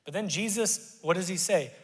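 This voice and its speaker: Middle-aged male pastor, slightly high voice, lively conversational sermon delivery, long church reverb. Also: moderate pace, breathy edge. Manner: animated, conversational preaching with sudden loud bursts. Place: church sanctuary.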